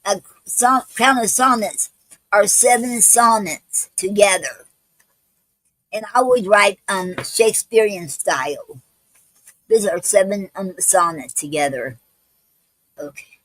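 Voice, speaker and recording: Breathless woman poet, halting chat with fillers, mid-pitched, dry close mic. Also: a bit bright, no echo, low-quality recording. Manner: halting, many fillers and restarts. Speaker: poet hosting a live stream. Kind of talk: casual live-stream chat and poetry reading.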